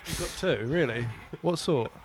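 A man's voice: a little high, normal speed, background noise. A young man co-hosting a podcast in casual chat, cracking cheeky, heckling jokes. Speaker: podcast co-host.

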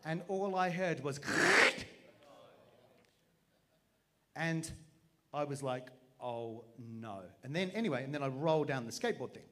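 A man, preaching through a funny personal story with a self-mocking, animated manner and acted-out voices. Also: mid-range voice, moderate pace. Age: 40s. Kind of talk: storytelling sermon.

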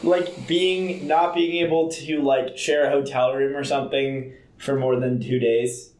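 A young man in his twenties, casual podcast chat, dropping quick joking interjections. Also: medium pitch, steady tone, darkish tone, roomy sound, low-quality recording.

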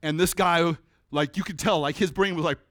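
Animated preaching man, dry close sound. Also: on the high side, moderate pace, no room sound. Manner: animated, conversational preaching with sudden drops to a hush. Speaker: pastor. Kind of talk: sermon.

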